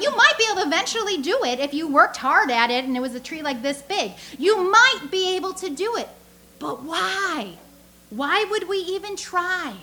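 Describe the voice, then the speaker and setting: A woman giving a lively, conversational sermon to a church audience, full of rhetorical questions and asides. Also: sits high. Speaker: speaker teaching a church audience.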